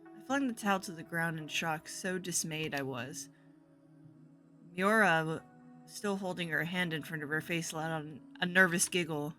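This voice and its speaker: A very tired woman with a deep, sharp-toned voice streams a game at normal speed, reading a visual novel's story aloud while playing. Her delivery is sleepy and rambling, with soft music in the background.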